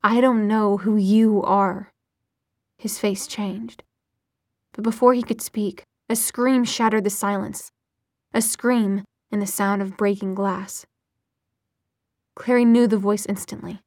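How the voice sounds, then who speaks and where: A woman narrating an audiobook in a steady, expressive reading voice. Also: mid-range voice, measured pace, pauses often, no echo, clean studio sound.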